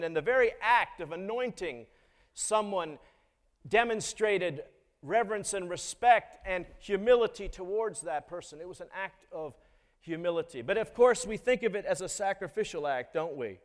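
A man preaching a sermon in a measured way, often putting questions to the congregation. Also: sits high, big-room sound. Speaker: pastor.

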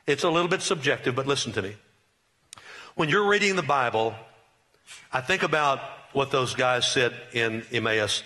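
Middle-aged male pastor, bright voice, emphatic repetitive sermon delivery. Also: mid-range voice, unhurried. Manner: emphatic, repetitive preaching with rising bursts.

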